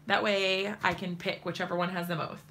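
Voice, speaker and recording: A chatty woman in her thirties hosts a crafting demo from her home desk, talking straight to her viewers. Her voice is bright and forward, with a gravelly fry at the ends of phrases, and she laughs often between steps. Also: lowish voice, flat delivery, a little fast, a little hiss or hum. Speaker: crafting livestream host. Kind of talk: casual crafting demo chat.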